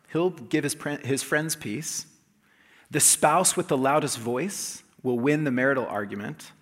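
A man's voice: medium pitch, breathy edge. A man preaches in a loose, friendly way, stumbling over restarts and chuckling at his own stories. His voice sits in a middle register. It rings out through a large church sanctuary with a long echo trailing behind it. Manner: conversational and self-deprecating, with restarts and laughs. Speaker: pastor. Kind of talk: sermon. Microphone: handheld or lapel mic, checked aloud. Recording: long reverb of a large hall.

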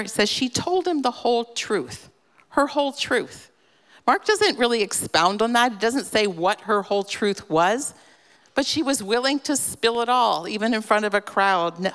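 Woman, devotional talk, earnest and gently emphatic, medium pitch, long reverb. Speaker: devotional speaker. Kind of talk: devotional teaching on scripture.

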